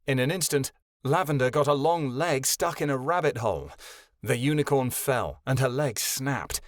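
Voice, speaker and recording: A man narrating a fantasy audiobook in a measured, dramatic storytelling way, close to the mic. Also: medium pitch, animated, dry recording. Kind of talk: scripted narration.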